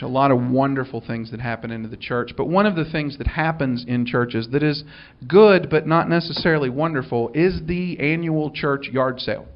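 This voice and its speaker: A minister spins a humorous story in a dry, wry manner, voicing each character as he goes. His voice sits a little high. The recording sounds dull and muffled, like a live room capture. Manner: dry, wry delivery with acted-out dialogue. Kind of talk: storytelling before an audience.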